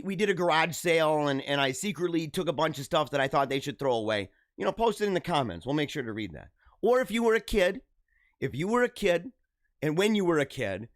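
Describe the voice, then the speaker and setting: A man's voice: a little high, dry recording, studio quality. A man hosting a live show, joking and laughing as he riffs on a news story. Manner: jokey, animated, laughs often. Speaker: show host. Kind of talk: livestream commentary.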